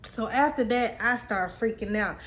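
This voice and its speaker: A woman's voice: fairly high pitch, normal speed, a bit bright. A woman in her late twenties telling a personal story to her viewers in a candid, casual, slang-filled way. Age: late 20s. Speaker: vlogger.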